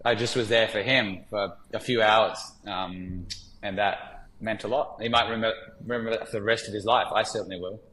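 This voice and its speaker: A man, a podcast guest telling stories in a candid, relaxed way with many fillers. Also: on the low side, brisk, echoey room, rough recording. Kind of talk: reflective storytelling in conversation.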